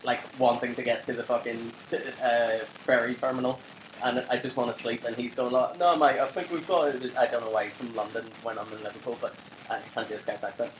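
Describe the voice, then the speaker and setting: A man's voice: mid-range voice, level tone, fast talker, slight background noise. A young man, co-hosting a podcast and telling a long rambling story in casual chat, swearing and laughing often. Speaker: podcast co-host. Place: flat. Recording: roomy home recording with faint ambience.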